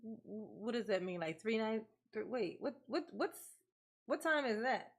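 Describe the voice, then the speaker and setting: A woman's voice: on the high side, animated, normal speed. A woman hosting a livestream, greeting viewers by name in casual, playful chat and laughing often. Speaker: livestream host.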